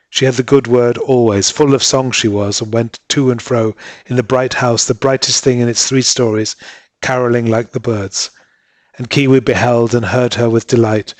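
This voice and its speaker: Man, storybook narration, measured and steady, mid-pitched, dry close-miked sound. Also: dry recording. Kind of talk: storybook reading.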